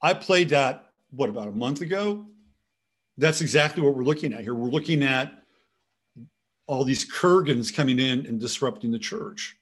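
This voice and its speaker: Husky-voiced man rambling as a host. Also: medium pitch, expressive, normal speed. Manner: rambling, talks to his dog. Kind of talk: casual commentary show.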